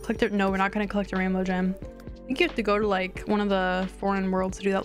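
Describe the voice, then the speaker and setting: A woman's voice: medium pitch, fast talker, soft background music. Chatty young woman streaming a game. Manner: chatty, rambling, easily excited. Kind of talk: casual gameplay commentary.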